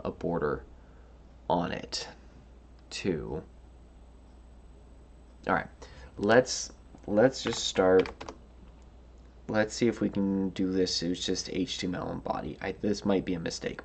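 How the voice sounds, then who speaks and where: A coding tutorial host with a low voice thinks aloud through a coding puzzle, tired and yawning. He muses hesitantly, full of fillers and restarts, with a slight hiss or hum in the audio.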